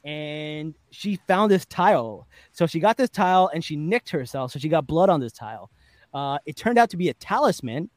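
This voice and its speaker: Male podcast host, upper-middle pitch, dry close sound, lively storyteller. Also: normal speed, dry recording. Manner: animated storytelling, laughing often, acting out quotes. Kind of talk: casual chat, recapping a TV episode.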